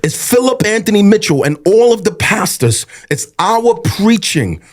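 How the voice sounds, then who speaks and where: A man's voice: sits high, sing-song, moderate pace. Impassioned man, earnest pastor. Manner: earnest, impassioned, repeating himself. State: tearful at times. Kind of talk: emotional podcast conversation.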